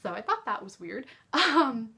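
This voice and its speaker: Bright-voiced chatty woman. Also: fairly high pitch, very animated, unhurried. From Canada. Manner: chatty, rambling, full of fillers and laughs. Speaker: book vlogger. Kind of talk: casual book discussion to camera. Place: at home.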